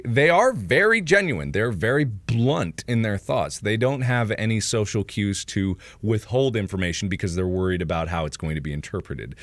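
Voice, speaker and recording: A man in his twenties, chatting on a livestream and telling rambling stories while reading chat. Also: no echo. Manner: rambling storytelling, reads chat, lively swings in pitch. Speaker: streamer.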